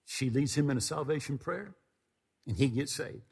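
A man preaching a sermon, retelling a story with lively quoted dialogue. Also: mid-range voice, moderate pace, gravelly, husky. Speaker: pastor. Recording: long hall reverb.

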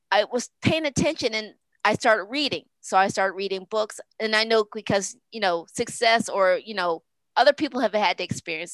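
A woman's voice: medium pitch, fairly bright tone, no echo, rough recording. A woman speaking as a podcast guest in a casual, rambling, earnest way, often restarting and repeating words. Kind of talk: casual interview talk.

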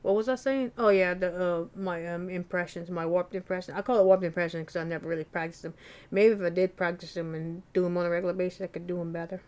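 A woman hosting a solo podcast, talking in a rambling, self-deprecating, soft-spoken way. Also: on the low side, steady tone, fast. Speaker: podcast host. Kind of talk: casual solo podcast monologue.

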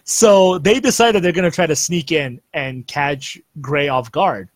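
A man's voice: fairly high pitch, unhurried, no echo. Laid-back young man recapping anime. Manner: rambling, laughs often, restarts. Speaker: podcast host. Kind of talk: casual anime recap chat.

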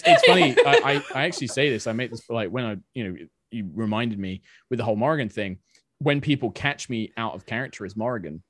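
A man chatting casually as a podcast guest, animated, with many restarts. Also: mid-range voice, no room sound, clean studio sound. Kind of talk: casual chat.

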